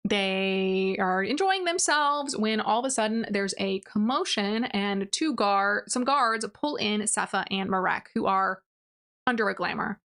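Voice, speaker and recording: Young woman, booktuber, casual plot recap, filler-heavy, quotes characters in passing, mid-pitch. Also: pushed and bright. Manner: chatty, many "like"s, acts out quotes in passing. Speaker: book reviewer. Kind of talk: casual rant review, retelling a plot.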